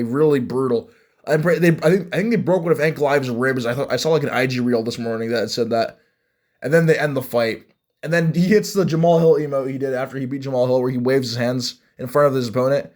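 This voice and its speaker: A young man giving casual fight reaction commentary, excitable and rambling, with many restarts. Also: medium pitch. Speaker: MMA fan reviewing fights.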